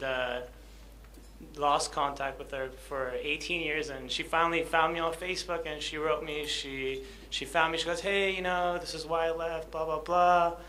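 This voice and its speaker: A man's voice: mid-range voice, pushed and bright. A young man telling his personal story to an audience, hesitant, with many fillers and self-conscious laughs. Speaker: guest speaker.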